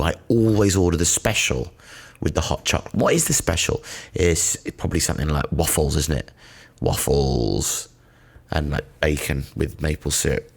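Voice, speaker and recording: A man's voice: extremely low pitch, moderate pace, creaky, husky. A man from Britain hosting a comedy podcast, rambling through a sardonic, sweary monologue.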